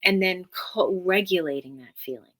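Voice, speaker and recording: A woman's voice: fairly low pitch, normal speed, fairly bright tone. A woman therapist as a podcast guest, speaking earnestly and emphatically in a teaching manner and repeating key phrases.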